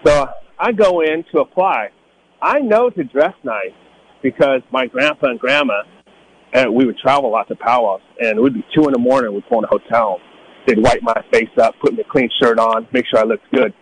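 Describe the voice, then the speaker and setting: Middle-aged guy from northern california telling stories, does voices for people, medium pitch, bit of background hiss. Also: a little fast, vocal fry, low-quality recording. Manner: animated, acts out quoted voices in a higher pitch. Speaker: guest telling life stories. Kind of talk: casual storytelling.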